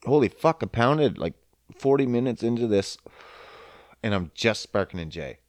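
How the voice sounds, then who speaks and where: A man hosting a podcast, talking in a crude, rambling, profane casual monologue, relaxed and smoking as he goes. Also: mid-range voice, moderate pace, no room sound. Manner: laid-back, smoking while talking.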